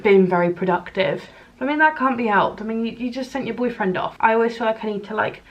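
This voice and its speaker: A woman's voice: medium pitch, slight background noise. A woman in her late twenties from England, chatting casually and rambling in a vlog. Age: 20s. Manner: chatty, rambling, self-deprecating. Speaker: vlogger.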